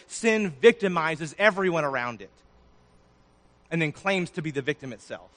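A man preaching a sermon, his voice swelling loud and then dropping low. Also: animated, normal speed, long pauses. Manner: preaching with sudden swells and drops in loudness. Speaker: pastor.

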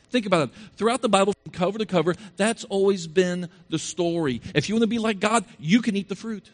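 A man's voice: high voice, expressive, quick pace, few pauses. A male preacher delivering an evening sermon, repeating phrases for emphasis and asking the congregation rhetorical questions.

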